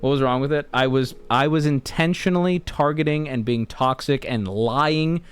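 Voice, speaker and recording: A man's voice: medium pitch, normal speed, clear, resonant tone, dry recording. An American man in casual stream chat, talking in a rambling, laid-back way. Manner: rambling, laid-back, often restarts and laughs mid-sentence.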